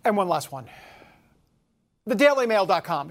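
A man's voice: high voice, big pitch swings, normal speed, pauses often. A man hosting a talk show, reading headlines aloud with sarcastic disbelief. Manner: sarcastic, incredulous, mocking headlines. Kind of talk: casual news commentary.

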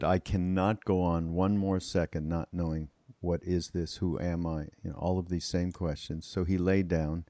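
Low mellow guy hosting a chat, dry close sound. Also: no echo. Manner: searching, restarts phrases, thoughtful. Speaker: host, interviewer. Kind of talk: casual conversational interview.

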